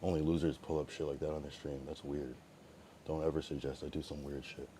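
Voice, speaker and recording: A young man streams from a room at home and talks back at his chat in a rambling, profane way. His voice sits extremely low, and he swings between a low mutter and loud taunting. A faint background noise runs under him. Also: level tone, fairly quick. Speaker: livestreamer. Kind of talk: casual live-stream chat reacting to viewers.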